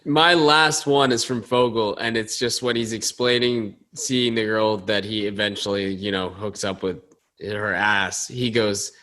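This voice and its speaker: A young man co-hosting a podcast in casual chat, relaxed and laughing mid-sentence as he recounts scenes. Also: fairly low pitch, unhurried. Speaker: podcast co-host.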